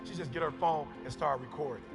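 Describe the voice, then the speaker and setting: A man preaching an impassioned motivational sermon, shouting, repeating phrases and calling on his listeners. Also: a little high, fairly quick, creaky. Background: background music.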